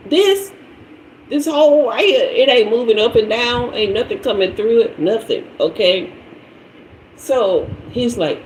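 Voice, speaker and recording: Animated woman telling a story. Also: high-pitched, a little hiss or hum. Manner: animated, dramatic, laughing storyteller. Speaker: tarot reader. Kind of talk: storytelling on a livestream. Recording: echoey room.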